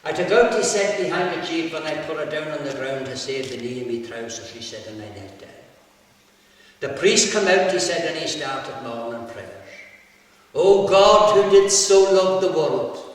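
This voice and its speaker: A man's voice: on the high side, expressive, moderate pace, fairly bright tone. An Irish man telling a local folk story in a chatty way, dotted with repeated "he said" tags. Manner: chatty, with frequent "he said" tags and laughter. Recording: echoey hall, mic far off, faint hiss.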